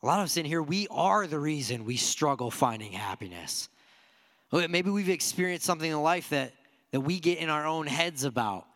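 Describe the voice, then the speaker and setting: A man's voice: on the high side, animated, normal speed, fairly bright tone, long reverb tail. A man preaching a sermon to a church congregation in an earnest, conversational way, asking his listeners many rhetorical questions. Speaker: pastor.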